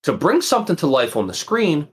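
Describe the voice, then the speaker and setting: A man's voice: fairly high pitch, brisk. A man co-hosting a casual chat about a TV show, talking loosely with lots of fillers. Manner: lively, loose, filler-heavy. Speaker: podcast co-host.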